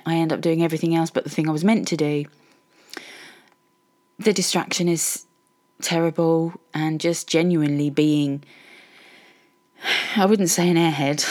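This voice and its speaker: A woman's voice: sits low, darkish tone. A middle-aged woman hosting a podcast, talking candidly and ramblingly about her frustrations in a personal monologue. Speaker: podcast host.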